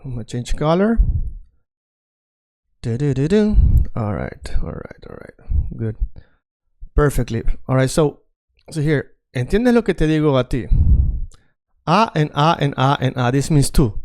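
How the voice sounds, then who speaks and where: A man's voice: on the high side, big pitch swings, measured pace, darkish tone. A man teaching a casual online lesson, chatty and prone to repeating himself while he works on screen. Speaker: Spanish teacher.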